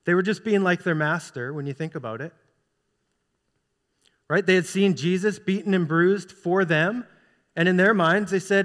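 A man preaching from the pulpit with a high-pitched voice, earnestly pressing rhetorical questions on the congregation. His words ring out with the long reverb of a large hall. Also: moderate pace, pauses often, a bit bright. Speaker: pastor. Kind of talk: sermon. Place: church sanctuary.

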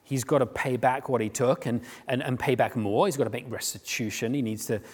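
A man preaching a sermon in a conversational, animated way, often restarting his sentences as he retells a story. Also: medium pitch, a little fast. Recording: long hall reverb.

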